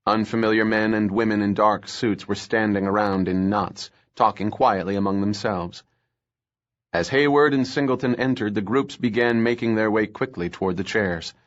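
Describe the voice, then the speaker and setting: A man narrating a thriller audiobook in a steady, measured reading voice. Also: on the low side, dull audio.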